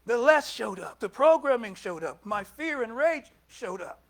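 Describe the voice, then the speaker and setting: An older man preaching a sermon in a conversational way, putting questions to the congregation and moving between loud and soft. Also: very high-pitched, very animated, normal speed. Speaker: minister.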